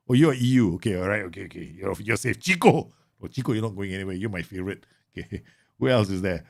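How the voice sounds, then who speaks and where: A man live-streaming a football management game, chatting casually with viewers and yelling at his players. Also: deep voice, a little fast, creaky, long pauses, no room sound. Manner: animated, bursts into loud yells and laughs at his players; chatty, answers viewer questions with many fillers.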